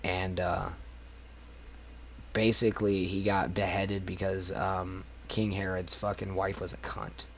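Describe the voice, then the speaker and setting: A man's voice: low voice, little pitch movement, unhurried, sharp tone, a little hiss or hum. A young man chatting loosely on his livestream between karaoke songs, rambling and swearing often, his voice worn from smoking. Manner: rambling, swears a lot, talks to chat. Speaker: karaoke streamer. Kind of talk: casual livestream chat.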